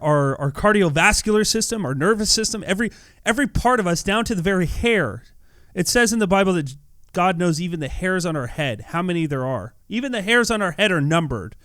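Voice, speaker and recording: A man talks through a gameplay video with casual, earnest devotional commentary. His voice sits a little high for a man, and he often repeats words in his animated delivery. The recording is dry, with no room sound. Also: no room sound. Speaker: YouTuber.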